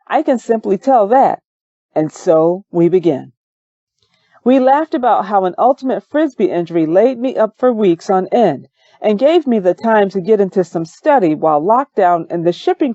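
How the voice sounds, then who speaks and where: A woman giving a measured, calm first-person audiobook narration on a close mic, in a slightly dull recording. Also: medium pitch, no echo.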